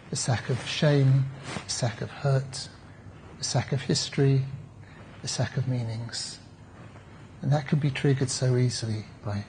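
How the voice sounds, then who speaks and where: A man's voice: mid-range voice, a little mellow, slight background noise. A man, a therapist, giving a conference talk in a reflective, conversational way with wry asides to the audience. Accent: British English.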